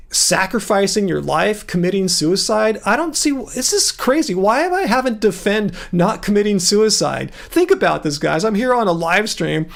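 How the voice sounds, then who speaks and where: Gravelly, high-voiced man ranting on a live stream. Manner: rambling, indignant, talks straight to chat. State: starting to lose his voice. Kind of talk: casual live stream chat answering viewers.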